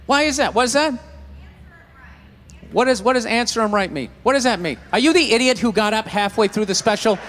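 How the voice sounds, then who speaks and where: A man's voice: high voice, brisk, fairly bright tone, slight background noise. A man doing a stand-up comedy set on stage in front of a live audience, telling a profane story that builds into ranting outbursts.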